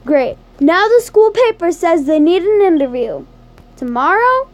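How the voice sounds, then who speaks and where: A woman's voice: very high voice, sing-song, unhurried, heavily acted. A woman voicing a stressed, nervous teenage boy who is class president, anxious and self-deprecating.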